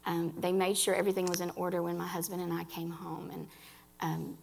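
An earnest woman gives a personal faith testimony to a gathering of women, speaking right to them. Her voice carries a gravelly fry, and she restarts phrases as she talks. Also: on the low side, level tone, fairly quick, a little hiss or hum. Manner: earnest, addresses listeners directly, restarts phrases.

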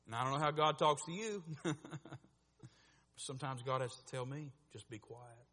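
A man preaching, his voice high and bright. He moves between quiet asides and loud, animated bursts, sometimes acting out other voices. The sound carries the long reverb of a church hall. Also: normal speed. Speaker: pastor. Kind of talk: sermon.

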